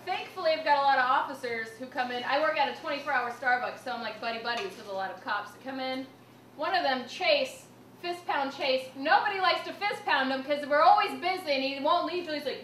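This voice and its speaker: Animated high-voiced woman doing stand-up. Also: brisk. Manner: animated, self-mocking storytelling with shouted punchlines. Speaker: stand-up comedian. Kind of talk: stand-up comedy set. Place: small comedy venue with audience. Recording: roomy, distant live recording with faint noise.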